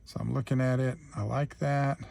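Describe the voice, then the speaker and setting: A man's voice: medium pitch, steady tone, normal speed, creaky, darkish tone, no echo. A man hosting a real-time craft tutorial, chatting easygoing as he thinks aloud through each step.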